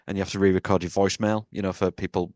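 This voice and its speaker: A man's voice: low-pitched, flat delivery, racing, darkish tone, no room sound. A man hosting a casual movie podcast, joking and teasing his co-host in a rambling way.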